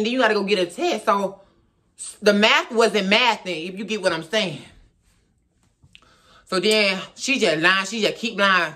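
Animated young-sounding storyteller man, bright voice. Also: high voice. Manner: animated, acts out dialogue; slangy, repetitive phrasing. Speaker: storytime vlogger. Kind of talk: casual storytelling.

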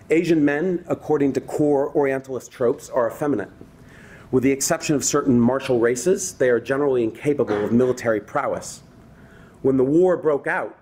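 A man's voice: medium pitch, darkish tone, slight background noise. A man giving a university lecture, reading a prepared text and breaking off with conversational asides to the audience. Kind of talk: academic public lecture.

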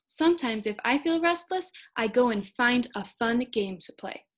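A young woman in her twenties giving a children's read-aloud lesson, speaking gently and encouragingly to young kids. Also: a little high, expressive, normal speed. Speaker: speech-language pathology student teacher.

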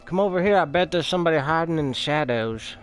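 A man's voice: a little high, expressive, fast talker, faint music behind. A man hosting a video game let's play, trash-talking and laughing at the enemies he fights. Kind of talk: gameplay commentary.

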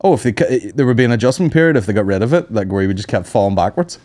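A man's voice: fairly low pitch, animated, rapid-fire, a little mellow. A man hosting a podcast, chatting crudely and laughing a lot. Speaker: podcast host. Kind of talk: casual comedic chat.

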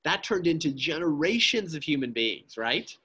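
A man's voice: fairly high pitch, sing-song, moderate pace, sharp tone, slightly rough. A man giving an impassioned pro-life talk at a church, speaking emphatically, often asking "right?" and addressing the listeners as friends.

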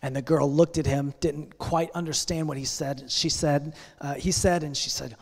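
A male pastor preaching a sermon and telling a long story, speaking earnestly with pauses and building intensity. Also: on the high side, fairly even intonation, faint music behind. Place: church sanctuary. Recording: long church hall reverb.

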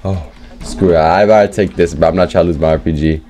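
A young man narrating his online gameplay, loud and erratic, often shouting and laughing. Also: sits low, steady tone, fast. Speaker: gaming YouTuber. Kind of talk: excitable gameplay commentary with voice chat.

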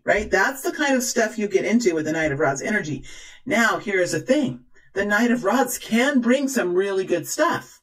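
Calm, rambling tarot reader. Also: medium pitch, moderate pace, low-quality recording. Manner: thinking aloud, many restarts and repeated phrases. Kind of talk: tarot reading monologue to viewers.

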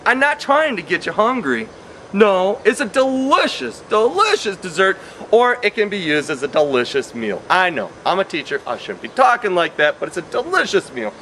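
A man's voice: sits high, sing-song, fairly quick, few pauses, bright, forceful tone, a little hiss or hum. A man teaching a science lesson in a chatty, playful way, repeating key points and drifting into tangents. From Wisconsin.

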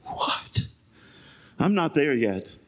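An older man preaching a sermon, moving between shouted lines and quiet storytelling. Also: a little high, lively intonation, measured pace, husky. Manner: swings from shouting to hushed storytelling. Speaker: pastor.

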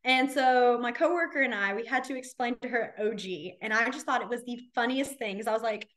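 A young woman teaching a sign language class, chatty and storytelling, with plenty of fillers and quick laughs. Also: a little high, a bit bright. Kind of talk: casual class teaching with stories. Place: library classroom.

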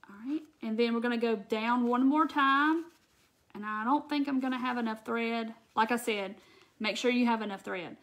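A craft tutorial host leads a live crafting demonstration, chatting straight to her viewers and responding to their comments as she works. Her voice is a little high and her pace moderate.

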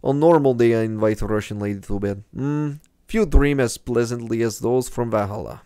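A man voicing a calm, mystical female tapir dream guide in a mock Russian accent, reading her lines from a video game. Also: medium pitch, moderate pace, no echo, clean studio sound, natural voice. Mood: dreamy formal.

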